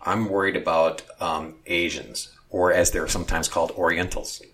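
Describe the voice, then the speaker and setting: A talk show co-host with a low voice reads news stories aloud and breaks into sarcastic asides, mixing commentary with banter. He speaks at normal speed with little pitch movement, and there is background noise.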